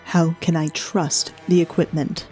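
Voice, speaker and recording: A proud, wounded male duelist speaks low and cool, full of disdain. A woman reads him in a story. The tone is dark and mellow, with faint music behind. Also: little pitch movement, unhurried. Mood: cold, haughty.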